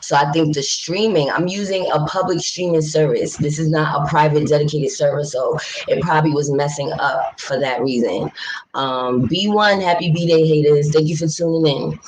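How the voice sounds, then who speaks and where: In a rough recording with some hiss or hum, a New York City woman hosts a casual livestream, speaking in a deep, slightly mellow voice at a moderate pace. She addresses viewers directly, reads their chat out loud, and swears freely in her blunt, passionate talk.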